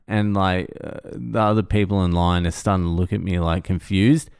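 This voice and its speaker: A man's voice: on the low side, steady tone, brisk, few pauses, darkish tone, smooth, no echo, studio quality. An Australian man telling a story casually, swearing often and mocking himself. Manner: sweary, self-mocking anecdote with laughs. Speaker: vlogger.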